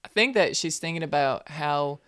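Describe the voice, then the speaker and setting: A woman's voice: low-pitched, normal speed, a bit bright. A woman playing in a tabletop game, laid-back and thinking aloud about her character. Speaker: player. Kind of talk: tabletop role-play.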